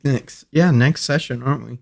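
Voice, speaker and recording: A man hosting a casual gaming show, easygoing and quick to agree with short replies. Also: medium pitch, creaky. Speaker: host and player.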